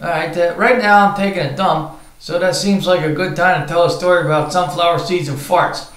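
A man's voice: on the high side, fairly even intonation, fairly quick, a bit bright, echoey room, low-quality recording. A man telling a crude comic story from the bathroom, rambling and swearing, with many filler words. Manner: rambling, profane, lots of uh fillers.

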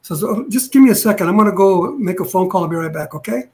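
High-voiced older man telling a story. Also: expressive, fast. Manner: rambling, restarts, acts out quotes. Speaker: retired police detective. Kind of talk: casual storytelling interview.

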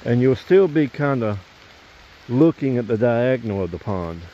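A man's voice: mid-range voice, animated, normal speed, a little hiss or hum. A man, chatting casually to viewers in a rambling, folksy way while filming outdoors by a pond. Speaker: vlogger. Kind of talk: casual outdoor vlog narration. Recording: dull lo-fi outdoor camera audio.

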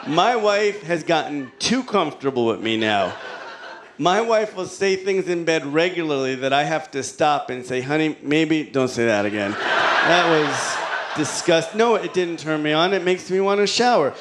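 A man performing a stand-up comedy set, with a slow, deadpan, soft-spoken delivery that jumps suddenly up in pitch. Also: heavy background noise. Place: comedy club stage with audience. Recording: live audience laughter behind.

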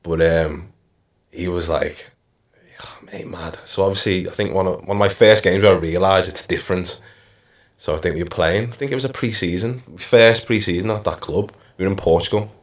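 A slightly fast, deep-voiced man in his thirties with a Liverpool accent talks about his days as a footballer in a casual podcast interview. His stories come out easygoing, studded with "like" and "you know."

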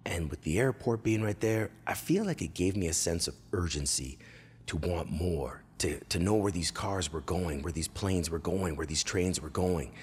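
A Canadian man in his forties tells crude comic stories from his childhood with a low, deep voice. He gets animated and breaks into loud bursts and impressions. A faint hum of room noise sits under him. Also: normal speed. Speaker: comedian host. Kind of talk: comedic storytelling monologue.

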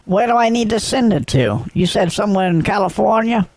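A man's voice: high-pitched, expressive, fairly quick, darkish tone, pitched above the performer's own voice. A man putting on a sweet woman caller. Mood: feigned innocence. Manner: sweetly playing dumb, then sternly scolding. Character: naive older-sounding American woman caller turned scolding. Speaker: scam baiter. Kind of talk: phone prank call.

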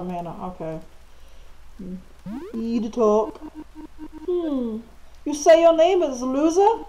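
High-voiced woman gushing over a game. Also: a little mellow, rough recording. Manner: gushing, easily delighted. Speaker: let's play gamer. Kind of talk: casual gameplay commentary.

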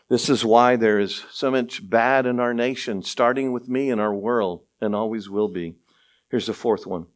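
This sermon comes from a middle-aged male pastor who keeps it conversational, with asides and rhetorical questions. His delivery rises from low murmurs into excited passages and back again.

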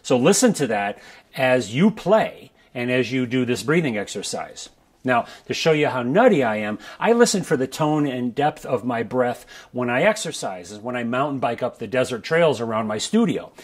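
A man teaching a breath-control exercise for brass players in a relaxed, conversational way, often checking in with the listener. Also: medium pitch, moderate pace. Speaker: trombone coach. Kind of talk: instructional video talk. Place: his studio.

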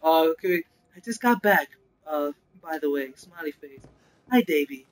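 A man's voice: fairly high pitch, lively intonation, normal speed, low-quality recording. A man hosting a casual gaming livestream, reading chat aloud, laughing often and blessing viewers in churchy phrases.

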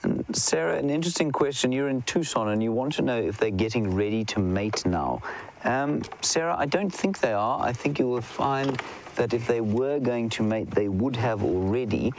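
A man's voice: medium pitch, lively intonation, normal speed, a little hiss or hum, low-quality recording. A man working as a safari guide, giving chatty, enthusiastic live wildlife commentary outdoors and answering viewer questions. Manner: chatty, enthusiastic, drops to a whisper at times. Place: outdoors in the bush.

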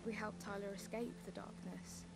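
A woman's voice: medium pitch, fairly even intonation, normal speed, gravelly, roomy sound, over music, lightly acted. An actress voicing a brooding young woman narrating a TV drama in a solemn, reflective tone.

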